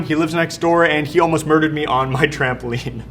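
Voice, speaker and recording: A young man delivering a youth sermon with animated, casual storytelling and plenty of slang. His voice sits a little higher than most men's. A faint rumble of noise runs underneath. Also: brisk. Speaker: youth pastor.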